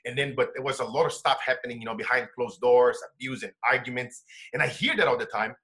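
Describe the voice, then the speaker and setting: Animated man telling his story. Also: mid-range voice, fast. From Brazil. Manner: animated, shifts between hushed and loud laughing bursts. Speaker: interview guest, coach. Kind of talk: emotional storytelling in conversation.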